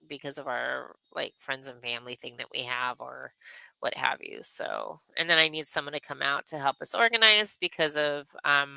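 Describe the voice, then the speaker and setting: Chatty woman with a gravelly, bright voice. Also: sits low, dry recording, poor audio. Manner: rambling, chatty, reads viewer comments aloud. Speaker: craft livestream host. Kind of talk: casual livestream chat.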